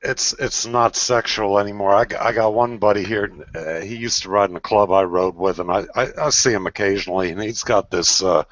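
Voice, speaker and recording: A man's voice: lowish voice, fairly even intonation, fairly quick, few pauses, fairly bright tone. A man in his sixties in casual chat, telling blunt, profane stories. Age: 60s. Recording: dry, dull lo-fi audio.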